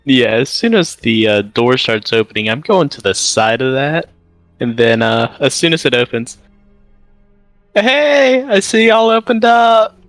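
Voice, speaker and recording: A player with a mid-pitched voice talks casually and wryly through a tabletop game. The sound is dry and close, with no room echo. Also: expressive, normal speed, a bit bright, faint music behind.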